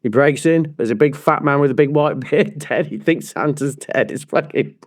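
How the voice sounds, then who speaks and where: Brief: male podcast co-host with a Midlands accent, slightly high voice, dry close sound, jokey and profane. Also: normal speed, no room sound. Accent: English Midlands, Nottingham area. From England. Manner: sweary, jokey, animated storytelling. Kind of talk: casual chat.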